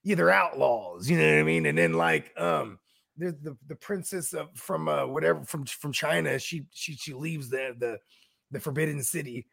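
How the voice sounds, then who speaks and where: A man's voice: mid-range voice, expressive, normal speed, vocal fry, fairly bright tone, breathy edge. A man co-hosting a podcast in casual chat, rambling and slangy, swearing freely and filling with "you know what I mean". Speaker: podcast co-host.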